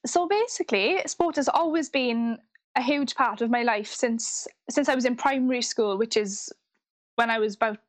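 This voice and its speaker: A woman's voice: a little high, normal speed. A woman in her twenties with a strong Welsh accent, chatting as an interview guest and laughing often between sentences. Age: 20s. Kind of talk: casual interview. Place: live online video call.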